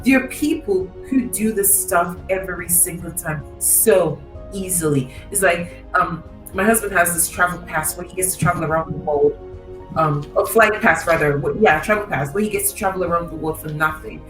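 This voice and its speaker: A woman speaking as a podcast guest and mindset coach, telling a story in an animated, emphatic way and repeating her key phrases. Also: lowish voice, moderate pace. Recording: echoey distant mic with faint music.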